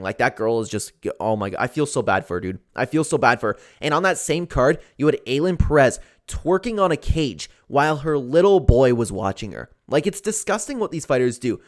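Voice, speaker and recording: A man's voice: medium pitch, lively intonation, a little fast, few pauses. A young man giving casual, opinionated commentary on fight news, with lots of fillers like "like" and "man".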